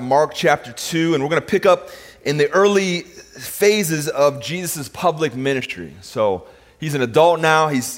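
A male pastor preaching a sermon in a relaxed, conversational way, often repeating words as he thinks aloud. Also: medium pitch. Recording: long reverb of a large hall.

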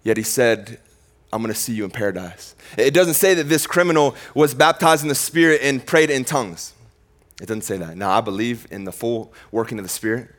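A male pastor preaches a sermon, shifting between emphatic, raised declarations and quiet, slowed passages, with casual, conversational phrasing. His voice is medium in pitch.

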